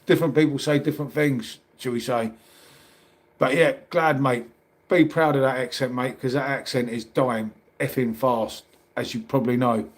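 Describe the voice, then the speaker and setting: A man's voice: medium pitch, steady tone, moderate pace. A middle-aged man with a London accent, chatting casually on a livestream and reading out comments, calling everyone mate. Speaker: livestream host.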